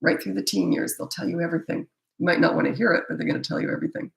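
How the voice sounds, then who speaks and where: A woman's voice: lowish voice, steady tone, racing, creaky. A middle-aged woman, a parenting coach, answering viewer questions in a blunt, emphatic and opinionated way. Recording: echoey room.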